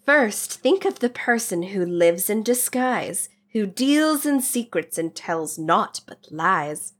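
A woman's voice: mid-range voice, animated, slow pace. A woman voicing a female sphinx, giving a dramatic rhymed reading. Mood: theatrical. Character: riddling female sphinx, grand and teasing.

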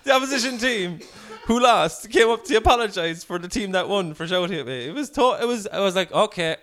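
Irish man, comedy podcast host, lively swooping delivery, fairly high voice, sweary storytelling. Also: a little fast, faint music behind. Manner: animated, sweary, swings into acted quotes. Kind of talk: casual storytelling chat.

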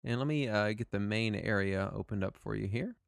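A man running a tabletop game as game master, narrating in a relaxed way with plenty of fillers and easy laughter. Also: fairly low pitch, a little fast, gravelly, no echo, clean studio sound.

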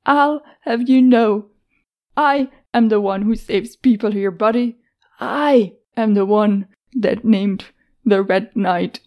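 A woman voicing a brave, guarded young woman who rescues people, sarcastic and quick with retorts. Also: mid-range voice, a little mellow, close to an everyday voice. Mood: indignant.

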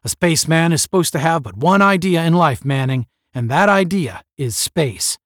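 Sarcastic space-cadet captain, read by a man, deep, clipped and lively in pitch, bone-dry sound. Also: normal speed, no room sound. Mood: stern. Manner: barking, clipped commands. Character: stern male space academy captain, cold and sarcastic.

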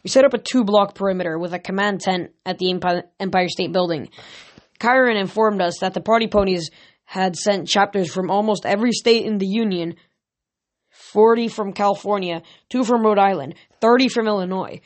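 At medium pitch and normal speed, a female narrator works through an amateur audiobook recording of a novel, sometimes tripping over words and restarting.

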